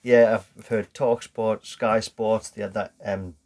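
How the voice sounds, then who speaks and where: A man's voice: fairly low pitch, flat delivery, unhurried, darkish tone. A man co-hosting a casual football podcast, explaining things step by step and swearing casually. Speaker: podcast co-host.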